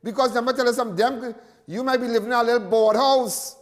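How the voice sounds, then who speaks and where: Trinidadian male host, very high voice, long reverb, folksy live commentary. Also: quick pace. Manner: folksy, preaching, repeats phrases. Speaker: talk show host.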